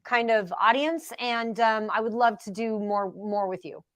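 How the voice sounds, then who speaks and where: Cheery woman host wrapping up a live chat, high voice, dry close sound. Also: measured pace, fairly bright tone, dry recording. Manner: upbeat, effusive. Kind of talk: live-stream interview wrap-up.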